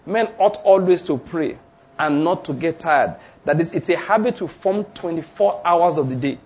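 A man preaching a sermon. He teaches emphatically, slowing down on key phrases and repeating declarations. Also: a little high, lively intonation, darkish tone, slightly rough. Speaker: pastor.

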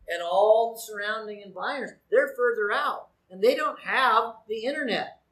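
Male pastor, animated sermon, echoey sanctuary sound. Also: high-pitched. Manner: animated preaching with rhetorical questions to the congregation. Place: church sanctuary. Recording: echoey church room.

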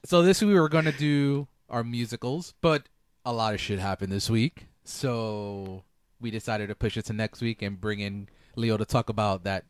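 Animated man hosting a podcast. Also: on the low side, normal speed, clean tone, no room sound, studio quality. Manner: animated, rambling with restarts. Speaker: podcast host. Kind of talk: casual podcast chat.

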